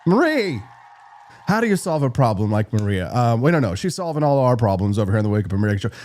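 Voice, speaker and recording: A man hosting a live political talk show, brash and quick, reacting to chat and plugging sponsors. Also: on the low side, sing-song, darkish tone. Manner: brash, fast-talking, reads live chat. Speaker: host.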